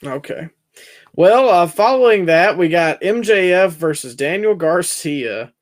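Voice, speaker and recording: A young man co-hosts a casual wrestling review podcast. His voice sits a little high and he talks in an animated, sarcastic way. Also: unhurried. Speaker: podcast co-host.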